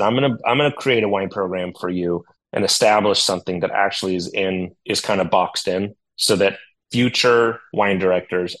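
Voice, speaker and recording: Middle-aged man, restaurant wine pro, lower voice, loose and animated storyteller with the odd curse. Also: low-quality recording. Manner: lively storyteller who acts out dialogue, swears freely. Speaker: sommelier and restaurant owner. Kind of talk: casual podcast interview.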